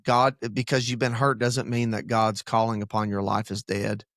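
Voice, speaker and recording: A man's voice: lowish voice, flat delivery, normal speed, fairly bright tone, dry recording, clean studio sound. A man, a pastor, telling a story in casual conversation on a church podcast. He talks earnestly, restarts his sentences and drifts from the story into preaching.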